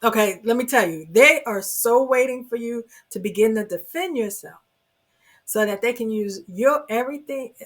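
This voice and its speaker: A woman's voice: fairly high pitch, moderate pace. A woman giving earnest, emphatic relationship advice straight to her viewers, often saying "you know" and "oh my goodness.". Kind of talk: earnest advice talk to camera.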